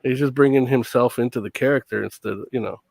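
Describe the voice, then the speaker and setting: A man's voice: mid-range voice, fast, gravelly, darkish tone, no room sound. A man on a discussion panel, explaining things casually and tagging lines with "you know?". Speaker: podcast panelist.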